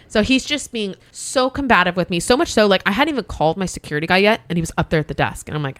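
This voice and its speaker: A woman's voice: lowish voice, quick pace, hardly any pauses, no echo. A woman co-hosting a podcast, telling a work story in casual chat and acting out both sides of the exchange. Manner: animated, acts out both sides of her stories. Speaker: podcast co-host.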